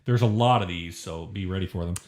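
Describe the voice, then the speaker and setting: A man's voice: sits low, brisk, a loud crowd. A man co-hosting a casual film review podcast, rambling and swearing freely. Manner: profane, rambling, lively. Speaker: podcast co-host. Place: shared room. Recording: echoey room.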